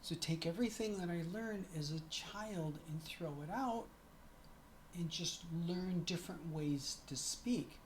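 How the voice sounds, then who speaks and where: A woman's voice: lowish voice, measured pace, slight background noise. A middle-aged woman chatting to camera in a casual vlog, often stopping to correct herself. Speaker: vlogger.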